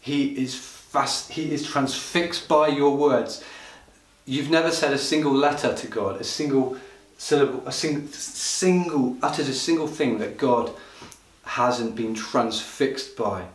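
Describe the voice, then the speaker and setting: A man preaching a livestreamed church sermon with impassioned delivery, at times rising into loud pleading cries. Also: mid-range voice, measured pace. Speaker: pastor. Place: church hall. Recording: roomy hall sound from a distant mic.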